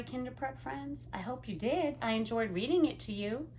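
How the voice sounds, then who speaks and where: A woman teacher reading a picture book aloud to young children, gently explaining words as she goes. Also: fairly high pitch, normal speed, few pauses, slight background noise. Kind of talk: storybook read-aloud to children.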